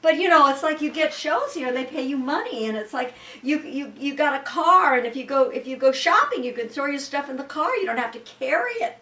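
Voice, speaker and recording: An older woman from Iowa, an actress, telling rambling, halting stories in an interview, often restarting her sentences. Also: high-pitched, animated, sharp tone. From Sioux City, Iowa, US. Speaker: guest, actress. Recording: roomy, distant mic.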